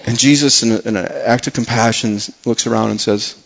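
Earnest male pastor preaching softly. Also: fairly even intonation, brisk, vocal fry, hardly any pauses, highs cut off. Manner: earnest, drops soft and low on key phrases; repeats words as he builds emphasis. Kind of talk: sermon.

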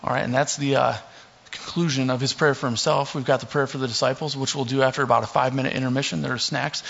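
A man's voice: medium pitch, fast, vocal fry. Young male pastor, casual sermon, joking asides, muffled lo-fi sound. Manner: relaxed, joking asides, many fillers. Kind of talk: casual sermon with scripture reading. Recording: dull lo-fi recording.

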